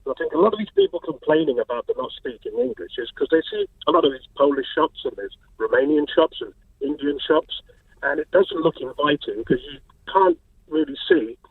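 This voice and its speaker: Animated caller on a tinny phone line. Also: male voice, fairly high pitch, brisk, creaky, breathy edge, no echo, distant mic. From Spain. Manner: earnest, animated storytelling. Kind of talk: phone-in call.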